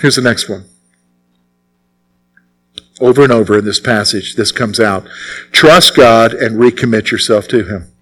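A man's voice: lowish voice, unhurried, pauses often, a bit bright, husky, rough recording. A man preaching a sermon as pastor, emphatic and repeating his key phrases.

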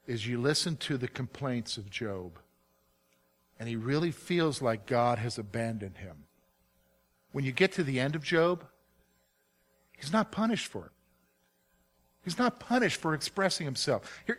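A male preacher gives an emphatic sermon and keeps putting direct questions to his listeners. His voice sits high for a man and has a bright, ringing tone.

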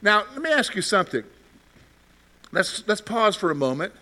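High, bright-voiced man teaching a Bible class. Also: big pitch swings, normal speed. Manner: keeps checking in with "okay?", repeats phrases. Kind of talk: interactive class discussion.

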